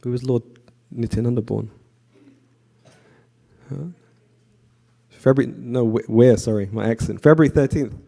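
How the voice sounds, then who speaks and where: Guy with a deep mellow voice giving a chatty temple class, asks the crowd questions, lots of ums. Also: normal speed, gravelly, long pauses. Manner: conversational, asks the audience questions; frequent fillers and restarts, relaxed. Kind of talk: devotional class lecture to a live audience. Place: temple hall with an audience.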